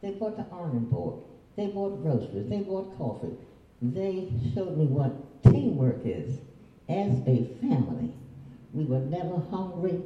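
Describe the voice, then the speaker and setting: A woman's voice: sits low, very animated, a little slow, a little hiss or hum. An older woman, a retired teacher, telling her own family memories in a folksy, chuckling way. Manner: chuckling, folksy, plays other voices. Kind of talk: oral history storytelling. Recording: distant, roomy, dull lo-fi recording.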